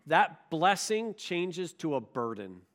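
A man's voice: a little high, sing-song, takes it slowly, a bit bright. A male pastor preaching a sermon, emphatic and full of rhetorical questions.

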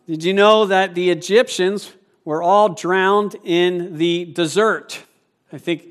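A male pastor giving a sermon in a joking, conversational way, stumbling over his words when excited. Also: sits high.

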